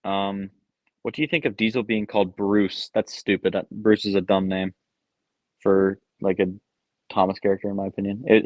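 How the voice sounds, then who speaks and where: A man's voice: deep voice, a little mellow, no echo. A young man hosting a live stream, reading chat questions and answering them offhand with many ums and uhs. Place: basement room at home. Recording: dull lo-fi sound.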